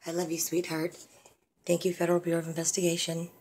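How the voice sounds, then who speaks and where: A woman's voice: lowish voice, monotone, fast, darkish tone, a little hiss or hum. A woman speaking to her estranged daughter in a personal video message, tender and pleading, calling her pet names and drifting from one thing to the next.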